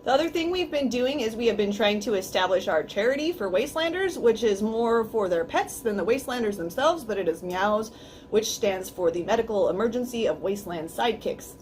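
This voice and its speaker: A brash woman chats on a livestream, promoting a pet charity and her handmade goods. Her voice is mid-pitched, with a faint hiss in the background. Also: darkish tone. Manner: brash, swears freely, promotional. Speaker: guest, pet charity organizer and craft seller. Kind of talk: casual livestream chat.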